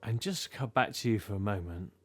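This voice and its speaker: A man's voice: on the low side, fast talker. A man narrating a tabletop game as game master, teasing his players with wry asides. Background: music.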